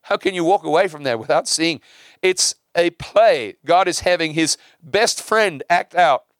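A man preaching a sermon, repeating and restarting words and swinging from hushed to emphatic. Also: a little high, measured pace, no room sound, clean studio sound.

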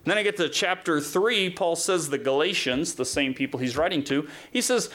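A man preaching a sermon in a conversational, animated way, acting out quotes with sudden jumps in pitch. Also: normal speed, few pauses. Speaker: pastor.

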